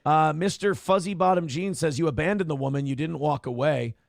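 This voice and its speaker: A middle-aged man with a gravelly, slightly higher voice hosts a casual livestream and answers chat in a candid, rambling way. The sound is dry and close, with no room around it. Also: brisk, no echo. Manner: candid, rambling with restarts and acted quotes. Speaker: podcast host reading chat comments.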